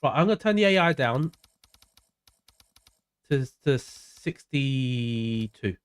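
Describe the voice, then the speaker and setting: A man's voice: mid-range voice, animated, slow pace, clean tone. Chatty South London man streaming. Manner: chatty, greets viewers by name, drifts into mumbled asides. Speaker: sim racing streamer. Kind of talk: casual livestream chat while gaming.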